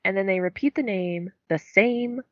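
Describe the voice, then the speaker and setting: A woman's voice: mid-range voice, normal speed, a bit bright, dry recording, highs cut off. A young woman co-hosting a book podcast, chatting casually and filling her talk with "like". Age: young adult. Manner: chatty, many "like" fillers. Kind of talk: casual chat.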